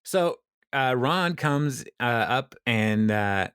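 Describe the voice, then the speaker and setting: A man's voice: mid-range voice, lively intonation, slow pace, fairly bright tone, smooth, dry recording, studio quality. A man casually recapping a sitcom episode, rambling, laughing often and acting out quotes. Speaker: podcast co-host.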